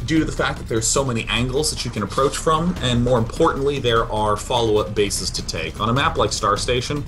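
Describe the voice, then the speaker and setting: A man's voice: medium pitch, fairly bright tone, faint music behind. A man co-casting a live esports match, eager and joking as he talks through the players and maps. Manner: eager, joking, quick to laugh. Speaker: esports co-caster. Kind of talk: live game commentary.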